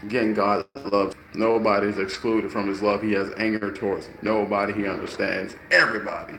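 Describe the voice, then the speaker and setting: A man's voice: fairly low pitch, little pitch movement, normal speed, creaky, a bit bright, faint music behind. Earnest man telling stories in a roomy space. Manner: earnest, preachy, acts out voices. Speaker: storyteller. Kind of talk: casual storytelling monologue. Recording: roomy, faint background noise.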